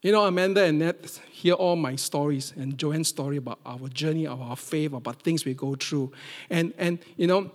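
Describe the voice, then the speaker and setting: A middle-aged man from Singapore preaches in with a somewhat high-pitched voice. His storytelling is animated, rising to loud emphasis and dropping to near-whispers. The sound carries the long reverb of a church hall. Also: normal speed. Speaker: pastor. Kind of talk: sermon.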